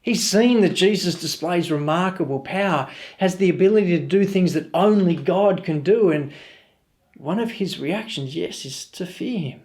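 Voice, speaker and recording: A man's voice: high-pitched, expressive, moderate pace, a little mellow. A middle-aged man with an Australian accent, preaching a sermon in an earnest, storytelling way. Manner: earnest, storytelling with quoted voices. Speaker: pastor.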